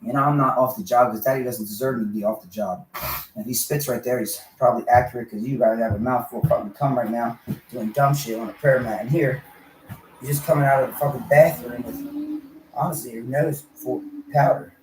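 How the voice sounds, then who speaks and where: A man in a hotel room, rambling in a profane monologue that swings between mumbling and yelling. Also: mid-range voice, expressive, fairly quick. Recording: roomy distant mic with faint noise.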